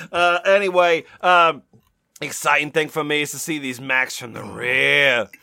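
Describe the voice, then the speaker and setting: A man reading forum posts aloud for laughs, halting with fillers and laughing as he goes. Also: a little high, fairly even intonation, vocal fry, pushed and bright, dry recording.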